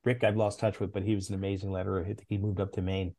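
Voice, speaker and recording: A middle-aged man, a former comics editor, telling stories as a podcast guest in a lively, casual way, with big swings in pitch. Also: rapid-fire. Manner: animated anecdotes, with big jumps in pitch.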